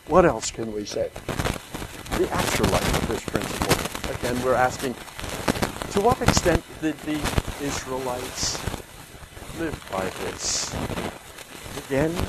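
A man with a high, lively voice lectures outdoors, his tone rising and falling broadly as he reads and explains. His voice is recorded outside on a boat. Loud engine and water noise run constantly behind him. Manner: animated, reads quoted lines with rising emphasis. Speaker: teacher. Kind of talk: outdoor bible lecture with dramatic reading.

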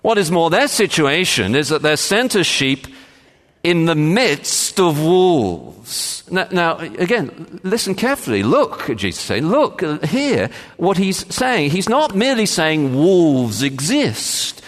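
A man preaching a sermon as pastor, measured and emphatic, with frequent pauses and "uh" fillers. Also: fairly high pitch, sing-song, a bit bright. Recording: long reverb of a large hall.

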